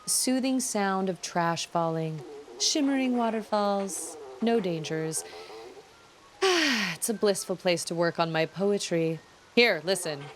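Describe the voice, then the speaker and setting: A melancholy robot poet from a game, played by a woman, slow and solemn in delivery. He draws every phrase out and lingers on it. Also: fairly low pitch, slight background noise.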